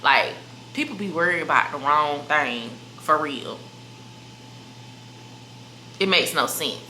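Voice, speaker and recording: Chatty young woman with a bright voice. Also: deep voice, animated, slow pace. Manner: chatty, emphatic, addresses viewers as "y'all" and "baby". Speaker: vlogger. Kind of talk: casual sit-down chat to camera. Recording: echoey room with faint noise.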